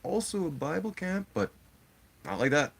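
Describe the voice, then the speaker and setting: A man's voice: a little high, normal speed, creaky, slightly rough. A man streaming live and telling a story casually to his chat, talking bluntly and swearing freely. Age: adult father. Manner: profane, blunt and animated.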